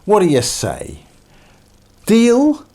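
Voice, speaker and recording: Man doing a sulky king, whiny, hesitant, bouncy pitch, unhurried. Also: wildly swooping pitch, dark tone, heavily acted. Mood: pleading.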